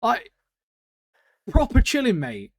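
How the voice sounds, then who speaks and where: Laid-back male co-host, animated delivery, dry close recording, casual swearing banter. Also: extremely high pitch, slow, no echo. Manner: laid-back, swears freely, laughs often. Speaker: podcast co-host. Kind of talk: casual chat.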